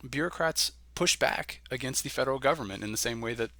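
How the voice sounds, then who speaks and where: Gravelly man lecturing, bright. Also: mid-range voice, quick pace, dry recording. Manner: conversational, many "um"s and "right?" checks. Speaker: college instructor. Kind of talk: recorded lecture.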